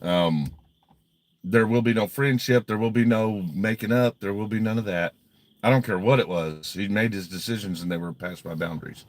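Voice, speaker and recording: A man's voice: fairly low pitch, moderate pace. A man hosting a casual livestream, blunt and heavily profane, often agitated as he reads viewer donations.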